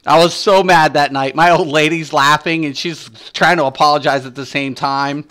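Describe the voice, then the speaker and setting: A man streaming a game, telling stories in casual chat with lively energy and lots of swearing. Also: fairly high pitch, moderate pace, few pauses. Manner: profane, animated storytelling.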